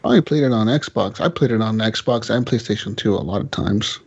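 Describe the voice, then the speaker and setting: A man hosting a casual gaming podcast, cursing freely, laughing often and telling stories with animated energy. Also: on the low side, normal speed, gravelly, husky. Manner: profane, laughing, animated storytelling. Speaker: podcast host. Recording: slightly dull lo-fi audio.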